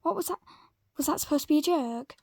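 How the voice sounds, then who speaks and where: A woman voicing a furious teenage girl who shouts indignantly at a bully. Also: high voice, expressive, fast talker, vocal fry, dry recording. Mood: angry.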